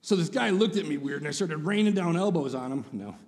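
Guy preaching a funny story, pitch all over the place, big echoey church hall. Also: fairly quick. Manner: animated, sarcastic, acts out voices. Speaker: guest speaker. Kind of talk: humorous sermon storytelling. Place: church sanctuary.

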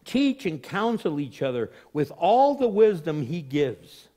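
A man preaching a sermon in an animated way, acting out little voices and jokes for the congregation. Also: on the high side, unhurried. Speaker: pastor.

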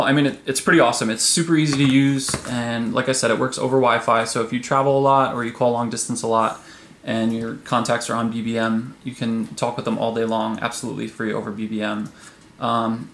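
A man walks through a phone app in a casual, easygoing tech video, filling his pauses with ums. His voice sits at a middling pitch. The room around him is echoey. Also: a little hiss or hum. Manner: chatty, relaxed, frequent ums. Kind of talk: casual product demo.

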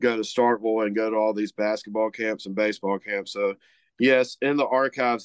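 A man's voice: lowish voice, clear, resonant tone, no room sound. A man from Mississippi, chatting casually on a podcast in an easygoing, rambling way full of fillers. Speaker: guest co-host, butcher shop representative.

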